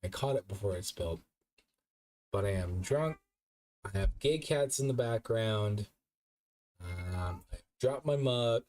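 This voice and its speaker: A man's voice: fairly low pitch, expressive, unhurried, pauses often, a little mellow. A man streaming as a VTuber, drunk and hiccuping, talking in a rambling, profane, self-mocking way. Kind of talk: casual live-stream chat.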